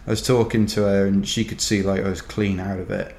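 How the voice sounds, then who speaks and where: A Welsh ultrarunner, appearing as a guest, tells a rambling, wry story in casual conversation, sprinkled with "kind of" and "you know." His voice is low, level and darkish, and he talks briskly. The recording has a roomy echo.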